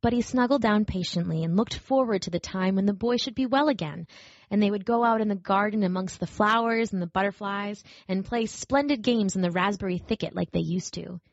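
A woman narrating a storybook aloud in a gentle, even storytelling manner. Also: mid-range voice, a little fast, no echo. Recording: dry, slightly dull recording.

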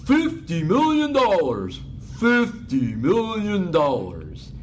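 A man imitating a loud, excitable tech executive who screams. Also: high voice, slow pace, slight background noise, voice pushed up, heavily acted. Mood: screaming. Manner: screaming, explosive.

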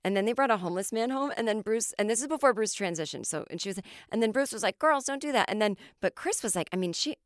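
Clear-voiced American woman telling comic stories. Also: medium pitch, quick pace, hardly any pauses, no echo, studio quality. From United States. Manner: animated, swears freely, acts out quotes. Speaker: podcast host, comedian. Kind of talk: comic storytelling monologue.

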